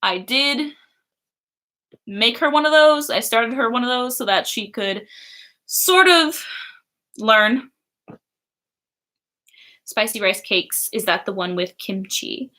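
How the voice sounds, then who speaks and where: A woman's voice: fairly high pitch, expressive, slow, pauses often, sharp tone. A young woman chatting casually on a livestream, reading chat and laughing often. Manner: giggly, chatty, many fillers.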